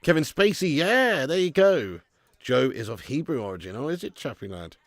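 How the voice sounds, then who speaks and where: His voice is a little high and sing-song, moving at normal speed with no echo. He's a casual, laughing host of a football watch-along stream who swears freely and reads out viewer messages in easygoing live-stream chat.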